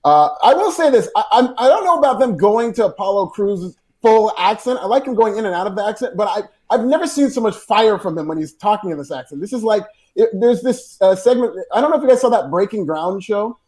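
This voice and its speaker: A man's voice: high-pitched, animated, fairly quick, few pauses, darkish tone. A man co-hosting a wrestling podcast, giving enthusiastic, opinionated match recaps in casual chat. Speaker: podcast co-host.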